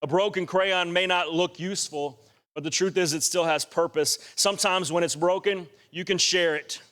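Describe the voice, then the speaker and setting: Earnest high-voiced preacher. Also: male voice, fairly even intonation, normal speed, fairly bright tone. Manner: earnest, rising to emphatic exhortation. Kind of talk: sermon.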